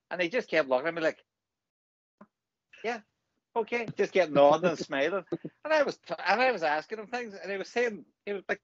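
A man's voice: a little high, fairly bright tone, no echo, lo-fi sound. Swearing Derry man telling stories. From Northern Ireland. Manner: swearing, joking storyteller. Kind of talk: casual banter.

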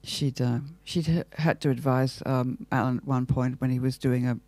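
A woman's voice: very deep voice, steady tone, moderate pace, darkish tone, no echo. An older Australian woman, an actress talking thoughtfully and theatrically in an interview, asking herself questions as she goes. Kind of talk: reflective interview talk.

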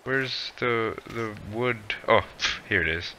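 A gravelly man with a bright, forceful edge to his voice, commentating slowly on a survival game. He is jumpy and easily frightened and keeps talking to himself. Faint mouse and keyboard clicks sound behind him. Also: medium pitch, a little hiss or hum. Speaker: gaming channel creator. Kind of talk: let's play commentary.

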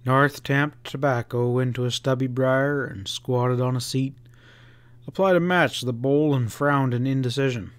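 A man narrating a Western novel as an audiobook in a measured, unhurried storytelling voice on a close mic. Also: medium pitch, fairly even intonation, clean tone, no echo.

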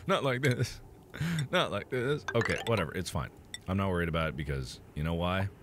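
A man giving theatrical let's play commentary, swinging between muttering to himself and loud, melodramatic outbursts. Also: deep voice, lively intonation, brisk, noisy background. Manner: playful, melodramatic self-talk. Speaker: gameplay commentator.

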